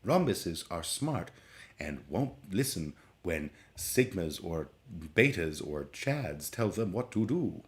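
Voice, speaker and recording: A man putting on a mock-serious British female computer narrator voice, reading slowly and solemnly. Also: deep voice, big pitch swings, heavily acted.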